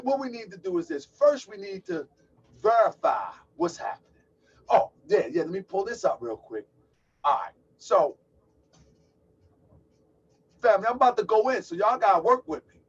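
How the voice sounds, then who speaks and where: Male call-in host, husky and gravelly, animated and chatty; distant lo-fi recording. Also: high-pitched, moderate pace, long pauses. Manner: loose, chatty, exclaims and laughs while setting up. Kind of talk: casual livestream talk. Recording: distant, dull lo-fi mic.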